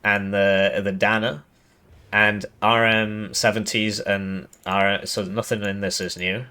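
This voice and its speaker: Man, lower register, deadpan sarcastic game commentator. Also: takes it slowly, clear, resonant tone. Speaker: gaming YouTuber.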